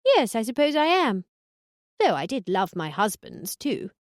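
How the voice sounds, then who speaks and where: A woman's voice: on the high side, very animated, a little slow, no echo. A woman voicing a blunt, foul-mouthed older woman who lives on a cruise ship, trading dry, crude put-downs in an audiobook. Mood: cheerful. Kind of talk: audiobook dialogue.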